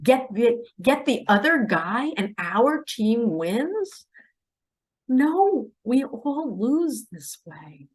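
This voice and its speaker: A woman giving an impassioned monologue, swinging between loud pleas and hushed asides. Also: fairly high pitch, big pitch swings, extremely slow, slightly rough. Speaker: self-described spiritual messenger. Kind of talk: emotional monologue to camera.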